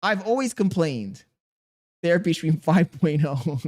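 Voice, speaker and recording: Male streamer in his thirties, a touch high-pitched, reads chat and vents, defensive and exasperated. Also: lively intonation, measured pace, a little mellow. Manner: exasperated, defensive venting with slang. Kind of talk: live-stream chat reading.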